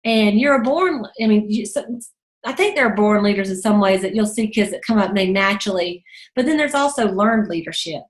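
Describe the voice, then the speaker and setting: A woman's voice: animated, brisk, reverberant. A woman leading a sales team call, telling a story in a chatty way and acting out the voices of others. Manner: chatty storyteller, acts out quotes in a high voice. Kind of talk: motivational team call talk.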